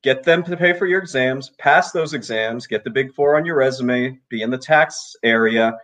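A laid-back male co-host on a video call, reading out viewer messages and answering them bluntly. He speaks in a relaxed, ordinary voice at a middle pitch. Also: moderate pace. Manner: laid-back, reads messages aloud and gives blunt advice. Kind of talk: casual late-night chat.

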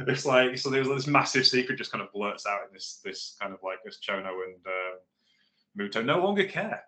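A man co-hosting a casual podcast chat, telling an animated anecdote. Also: mid-range voice, moderate pace.

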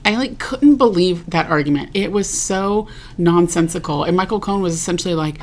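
A woman's voice: lowish voice, brisk, a little mellow. A woman co-hosting a podcast, talking in a chatty, rambling way with lots of fillers. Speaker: podcast co-host. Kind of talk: casual chat.

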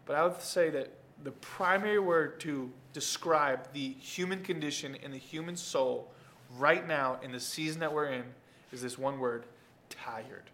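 A male pastor giving an emphatic sermon, dropping low for quiet points and rising into loud calls to the congregation. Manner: emphatic preaching, swings from soft asides to loud calls; talks straight to the congregation.

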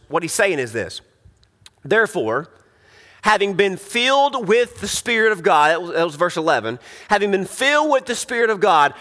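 A man preaches in a bright, forceful voice, leaning hard on key words and often starting his sentences over. His pitch sits a little high. The sound carries the long reverb of a hall. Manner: earnest, emphatic, with frequent restarts. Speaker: pastor. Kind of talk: sermon.

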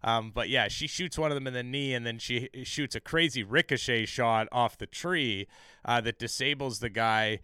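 A man's voice: medium pitch, moderate pace, pushed and bright, clean tone, dry recording, clean studio sound. A man co-hosting a podcast, recapping a TV episode in casual, profane chat full of fillers and restarts.

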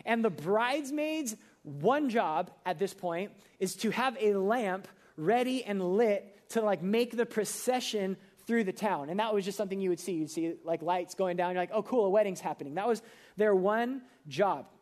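A young man preaching a sermon in a casual, conversational way, full of fillers and quick acted asides. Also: high voice, lively intonation, a little mellow. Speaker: pastor.

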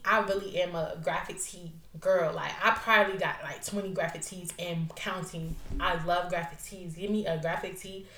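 A woman's voice: on the low side, fairly bright tone. A young woman hosting her own podcast, chatting casually in a loose, profane, rambling way and laughing often. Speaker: podcast host. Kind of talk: casual solo podcast chat. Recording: roomy echo.

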